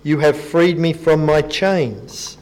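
A man's voice: a little high, slow pace, darkish tone, rough recording. A man preaching a sermon in a conversational, self-deprecating way, stopping to read scripture aloud to the congregation.

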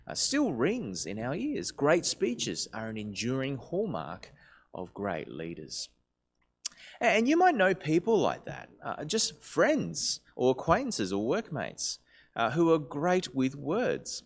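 A man, a pastor preaching in a lively, conversational manner. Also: mid-range voice, slow pace. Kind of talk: sermon.

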